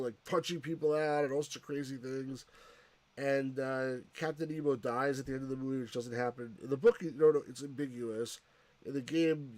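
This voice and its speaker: A man's voice: mid-range voice, darkish tone, dry recording. A man casually commenting on a retro computer game as he plays, rambling and often restarting his sentences. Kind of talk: casual let's-play commentary.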